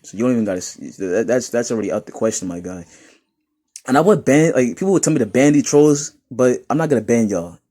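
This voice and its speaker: A man's voice: mid-range voice, fast. A young man from New York reading and mocking comments in a casual, laughing commentary. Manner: laughing, mocking, animated rants.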